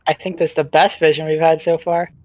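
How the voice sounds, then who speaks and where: A woman's voice: deep voice, level tone, a little fast, a little mellow. A woman player in a tabletop game, speaking earnestly and sometimes in character. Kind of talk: casual tabletop play.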